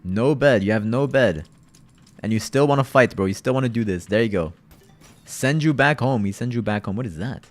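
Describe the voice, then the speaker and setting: A man's voice: mid-range voice, moderate pace. A young man streaming a game with his viewers, chatting loosely, repeating himself and calling everyone "bro". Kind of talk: casual live-stream gaming chat.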